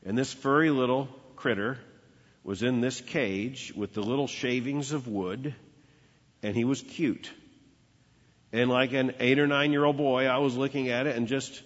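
A man preaching a sermon, telling a childhood story with emphatic repetition. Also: mid-range voice. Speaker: pastor. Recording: dull lo-fi with long hall reverb.

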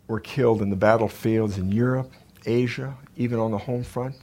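A man from eastern Colorado speaks with a gravelly, husky voice. He moves between joking asides and a slow, solemn recitation. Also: lowish voice, a little mellow. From eastern Colorado, USA. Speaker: speaker at a conference. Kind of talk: informal talk with a recited tribute.

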